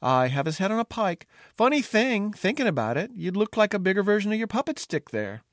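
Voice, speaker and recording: A man voicing a large, quick-tempered head cook, a woman who talks in gruff threats. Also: high-pitched, sing-song, dry recording, studio quality, pitched above the performer's own voice. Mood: mocking.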